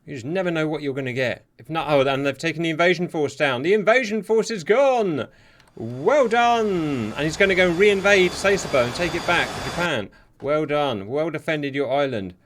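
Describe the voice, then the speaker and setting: Excitable man commenting on a war game. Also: a little high, fairly quick. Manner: excitable, sarcastic, talks to viewers. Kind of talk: live gameplay commentary. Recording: steady hiss behind the voice.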